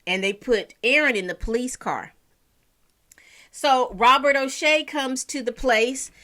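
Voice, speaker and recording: A woman's voice: sits high, a little slow, sharp tone. A woman casually recapping a TV episode, chatty and storytelling, sprinkling in endearments like honey and child.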